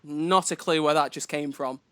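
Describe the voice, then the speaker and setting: A man's voice: fairly high pitch, fairly even intonation, moderate pace, a bit bright, clear, resonant tone. A man with a light Liverpool accent hosting a casual livestream chat, giggly and laughing often. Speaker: host.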